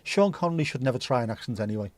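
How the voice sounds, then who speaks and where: A man's voice: medium pitch, expressive, very fast, a little mellow, no echo. A man hosting a livestream, rambling and swearing casually as he answers viewers' comments. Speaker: livestream host. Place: home livestream setup.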